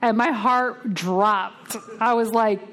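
A woman speaking at a twelve-step recovery meeting, telling a blunt, salty story with lively storytelling and acting out the other voices. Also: on the high side, slow pace. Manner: lively storytelling, acts out the voices in her tale; blunt and salty, casual swearing.

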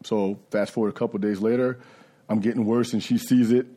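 Male recovery speaker, plain-spoken testimony, lowish warm tone. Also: fairly even intonation, brisk. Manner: candid, conversational storytelling.

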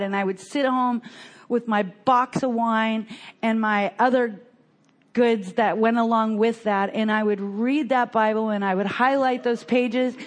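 A woman in her later years tells her own recovery story to a room of peers. Her voice sits slightly higher than most, and she speaks with sincere, halting earnestness, doubling back on her words again and again. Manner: earnest, halting, with many repeated restarts. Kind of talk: personal recovery testimony.

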